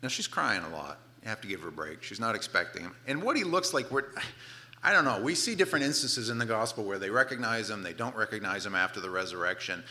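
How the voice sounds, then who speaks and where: Bright, animated male preacher. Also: fairly low pitch, quick pace. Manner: animated storytelling with playful asides, dropping to soft tones for tender moments. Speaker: pastor. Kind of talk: sermon.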